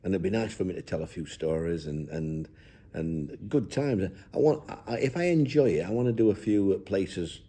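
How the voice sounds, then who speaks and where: An older man, a football manager, reminisces in a reflective interview, talking in a down-to-earth way and rambling with many restarts. His voice is low-pitched, animated and husky, with a warm tone at a moderate pace.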